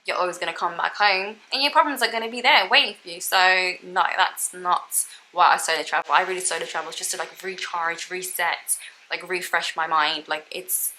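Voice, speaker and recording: A woman's voice: fairly low pitch, fairly even intonation, moderate pace, sharp tone, a little hiss or hum, poor audio. A young woman vlogging about solo travel in a casual, reflective chat, talking with lots of "like" and "you know what I mean". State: tearful, emotional.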